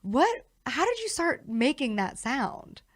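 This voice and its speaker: A woman's voice: sits high, very animated, slow, a little hiss or hum. A woman hosting a podcast, asking blunt, curious questions with casual swearing. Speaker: podcast host. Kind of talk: casual interview chat.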